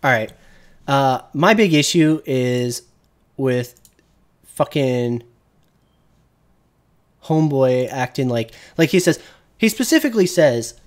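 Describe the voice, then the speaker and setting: Dude streamer ranting and swearing at a video, mid-pitched voice, casual. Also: male voice, expressive, takes it slowly, pauses often. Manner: profane, ranting. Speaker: streamer host. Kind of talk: casual chat reacting to a video.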